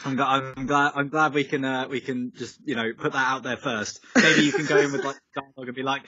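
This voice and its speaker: A man's voice: mid-range voice, steady tone, brisk, few pauses, sharp tone, no echo. A young man, a musician, chatting over a video call, rambling with lots of fillers and tangents. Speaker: musician guest. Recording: slightly dull, dry call audio.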